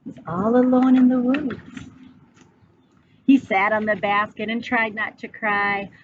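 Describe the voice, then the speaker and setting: A woman teacher reading a picture book aloud to children, pausing to ask them questions. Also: fairly high pitch. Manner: slow, animated, asking children questions. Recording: dull, slightly noisy recording.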